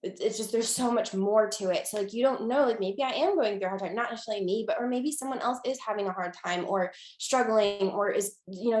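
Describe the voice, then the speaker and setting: A young woman talking casually as an interview guest, with lots of fillers and restarts, getting lively when she quotes people. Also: medium pitch, reverberant.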